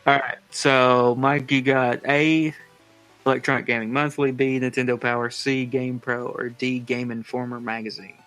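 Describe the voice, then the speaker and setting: A man in a relaxed group chat hosts a trivia game, reading the multiple-choice options at a slow, deliberate pace. His pitch sits in a middle range, and faint music plays underneath. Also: clear, resonant tone, poor audio. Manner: reads quiz options in a slow, drawn-out way. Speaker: podcast host running a trivia quiz. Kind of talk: casual chat.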